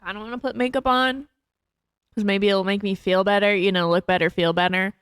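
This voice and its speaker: A woman talks casually to her stream audience, rambling from one thought to the next and laughing at herself often. Her voice sits in a middle pitch range for a woman. The sound is dry and close, with no room echo. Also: steady tone, a little fast, clean tone. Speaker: livestreamer.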